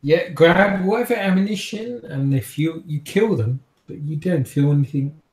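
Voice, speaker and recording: A man's voice: fairly high pitch, normal speed, echoey room, poor audio. A man as game master, narrating a tabletop game dramatically, with hesitant restarts.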